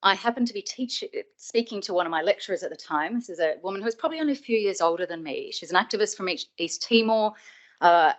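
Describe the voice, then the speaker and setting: A woman's voice: lowish voice, a bit bright. A middle-aged woman from Australia giving a webinar talk, telling a personal story in a conversational, reflective way and stressing quoted remarks. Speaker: webinar speaker.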